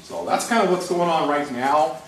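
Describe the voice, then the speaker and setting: Here a rail operations executive, sounding congested, briefs a public meeting informally, talking in a loose way full of uh's and um's and restarting himself often. His slightly bright voice leans high and moves at a normal speed. The recording is noisy and echoey, captured from a distance by a room mic in a large meeting room.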